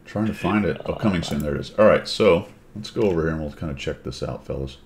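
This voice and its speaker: Male host, very deep voice, loose rambling chat delivery. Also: quick pace, slight background noise. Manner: rambling, thinking aloud. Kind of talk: casual chat.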